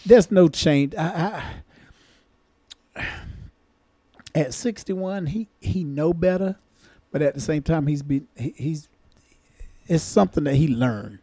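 A man co-hosting a comedy podcast as a former cop, telling stories in a profane, animated way. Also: a little high, slow, long pauses, no room sound. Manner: profane, storytelling, acts out quoted lines. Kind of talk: casual comedic chat.

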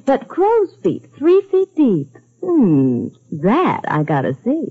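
Witty companion; lively, teasing delivery. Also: female voice, a little high, faint music behind, heavily acted. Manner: teasing, quick banter. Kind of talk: 1950s radio acting. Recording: lo-fi old radio broadcast.

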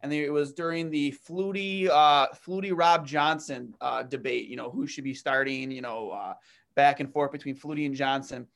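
A man co-hosting a sports podcast, telling an anecdote in an animated, laughing way. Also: mid-range voice, moderate pace, creaky. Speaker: podcast co-host. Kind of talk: casual chat.

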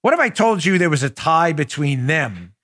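A man's voice: on the high side, very animated, moderate pace, fairly bright tone, dry recording, studio quality. A man hosting a political commentary podcast, talking emphatically and with indignation, addressing his listeners directly. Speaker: podcast host.

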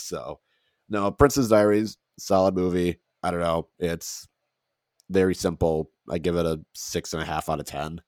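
A man co-hosting a podcast, talking loosely and laughing often. His voice sits very low. The sound is dry and close, with no room in it. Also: fairly even intonation, normal speed, a little mellow, no room sound. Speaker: podcast co-host. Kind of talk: casual chat.

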